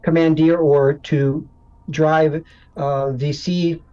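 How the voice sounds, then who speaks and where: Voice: mid-range voice, level tone, takes it slowly, dark tone. Tabletop player, hesitant, restarts, dull lo-fi audio. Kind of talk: tabletop game banter.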